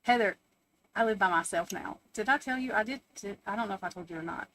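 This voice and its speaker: A woman's voice: medium pitch, quick pace, a bit bright, slight background noise. A woman hosting a casual live stream from home, chatting, swearing freely, laughing often and answering her chat.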